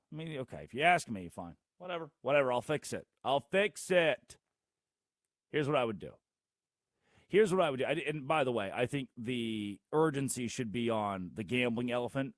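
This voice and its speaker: A man hosting a sports talk show, delivering a theatrical monologue full of sarcastic rhetorical questions and big swings in loudness. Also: medium pitch, no room sound, clean studio sound. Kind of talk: animated monologue.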